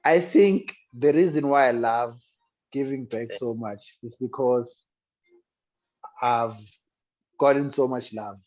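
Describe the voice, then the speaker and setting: A man's voice: medium pitch, takes it slowly, long pauses, a little mellow. A man with a South African accent, a guest musician telling his story in an interview in a reflective, earnest way. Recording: dull lo-fi sound.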